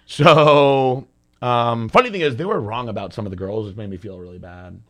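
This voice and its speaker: A man co-hosting a podcast, telling a long story in casual, profane, animated chat. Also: mid-range voice, fast. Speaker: podcast co-host.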